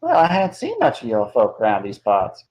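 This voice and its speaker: A man voicing a chatty, gentle cat-woman clerk in a put-on Southern drawl, full of y'all and darling. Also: on the low side, huge pitch swings, normal speed, muffled recording. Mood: friendly.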